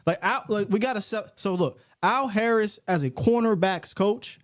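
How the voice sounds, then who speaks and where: A man hosting a sports show, arguing football in a casual, animated way and getting worked up. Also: high voice, normal speed. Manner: animated, gets worked up and loud. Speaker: sports podcast host.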